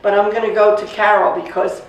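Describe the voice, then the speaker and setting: A woman in her sixties casually telling a family story, animated and acting out the voices of the people she quotes. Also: medium pitch, brisk. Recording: echoey room, distant mic, faint noise.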